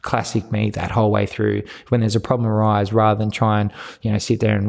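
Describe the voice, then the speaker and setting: Gravelly Australian man telling his story. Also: on the low side, flat delivery, quick pace, hardly any pauses, a little mellow. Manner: rambling, frank, swears, many restarts. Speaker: podcast guest. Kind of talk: candid personal storytelling interview.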